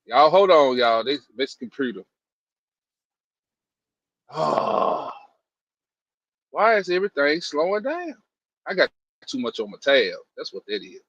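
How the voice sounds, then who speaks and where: A man's voice: a little high, sing-song, measured pace, long pauses, a bit bright, lo-fi sound. A man hosting a livestream, talking loosely and preaching casually to his viewers. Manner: loose, folksy, drawls "y'all". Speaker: livestream host.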